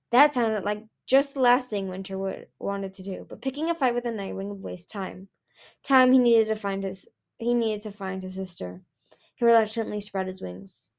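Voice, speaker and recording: A woman's voice: mid-range voice, moderate pace, gravelly. A woman reading a fantasy novel aloud, hesitant, with frequent restarts. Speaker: audiobook reader.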